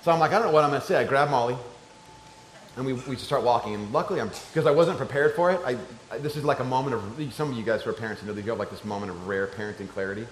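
A middle-aged man preaching a sermon, telling a story and swinging between loud excited shouts and soft hushed tones. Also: mid-range voice, rapid-fire, a little hiss or hum. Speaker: pastor. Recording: echoey room with faint ambience.

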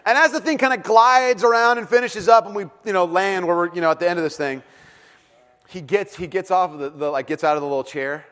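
A man in his thirties preaching a sermon as a pastor, telling a family story in a lively way and laughing often. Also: high-pitched, brisk, clean tone.

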